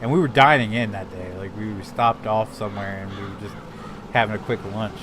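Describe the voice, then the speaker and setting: A man telling a story in casual chat between games, halting and repeating his words. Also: fairly low pitch, background noise. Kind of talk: casual chat while gaming.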